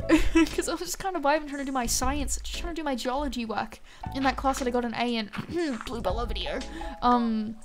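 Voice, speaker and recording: A woman's voice: high voice, fairly even intonation, a little fast. A young woman streaming a game live, chatting casually with her viewers in a bubbly, rambling way full of internet slang. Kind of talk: casual live-stream chat while gaming. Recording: music playing behind.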